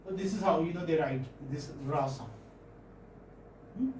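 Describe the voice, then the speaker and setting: A fairly high-voiced man teaching a phonetics class, speaking from a distance in an echoey room with faint hiss behind him. He talks patiently and keeps checking in with his students. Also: animated, a little slow, a little mellow. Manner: patient, checks in often with "okay?" and "hmm?". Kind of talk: classroom lecture. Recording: echoey classroom, mic far off.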